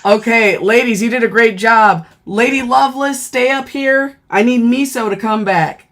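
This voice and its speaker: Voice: mid-range voice, normal speed, fairly bright tone. A live stream host running a contest, easygoing, checking in with "all right" and "okay".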